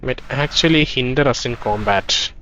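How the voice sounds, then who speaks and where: A man playing a role-playing game, reading its text aloud and thinking out loud about what he finds. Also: mid-range voice, moderate pace, muffled recording, a little hiss or hum. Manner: thinking aloud, reads dialogue in quoted turns. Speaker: let's play gamer.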